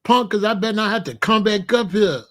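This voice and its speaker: Fairly quick and fairly bright in tone, this high male voice belongs to a show host in his late sixties. He tells family stories in a casual monologue that's streetwise, boastful and full of slang.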